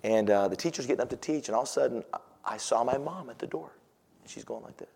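A man preaching, telling a personal story to his congregation. He swings from loud, animated exclamations to hushed, near-whispered passages, with a mid-range voice. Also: medium pitch, fast talker, vocal fry, slightly rough. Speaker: pastor. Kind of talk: sermon storytelling.

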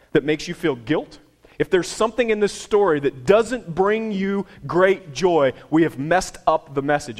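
A man preaching a sermon in a conversational, emphatic way, repeating phrases for effect. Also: a little high. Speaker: pastor.

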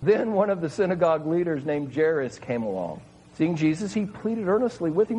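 A man's voice: a little high, sing-song, moderate pace, warm tone, a little hiss or hum, rough recording. A man preaching a sermon, retelling scripture in an earnest, emphatic way with repeated phrases. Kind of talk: sermon reading and explaining scripture.

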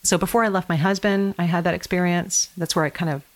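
A middle-aged woman telling her life story as a podcast guest, animated and laughing often. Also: fairly low pitch, quick pace. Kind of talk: conversational storytelling.

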